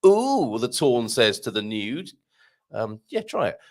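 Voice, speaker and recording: A man hosts a casual live stream, reading out comments and tips from his viewers. His voice sits at a middle pitch but rises and falls with a lot of movement. He sounds chatty and jokey, with self-deprecating asides. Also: sing-song, normal speed. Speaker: host of a live show.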